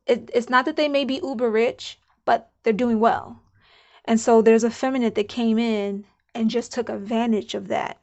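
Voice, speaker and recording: A woman's voice: a little high, steady tone, normal speed, dull audio. A woman giving a casual channeled spiritual card reading, musing aloud and repeating herself. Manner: chatty, musing, repeats herself, laughs now and then.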